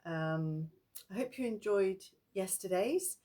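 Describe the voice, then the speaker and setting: A middle-aged woman casually telling ghost stories in a chatty, meandering way. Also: slow. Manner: chatty and meandering, breaks into lively high-pitched acted quotes. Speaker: spiritual vlogger.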